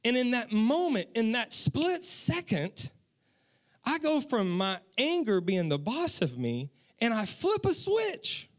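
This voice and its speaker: A young adult man preaching a sermon as pastor, telling a story with animated delivery and acting out his own lines. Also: very high-pitched, a little slow.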